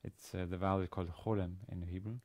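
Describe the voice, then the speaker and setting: Man, lecturer, low pitch, warm tone, hesitant, many ums and restarts. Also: flat delivery. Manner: halting, with many fillers and restarts. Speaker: university lecturer. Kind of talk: recorded language lesson.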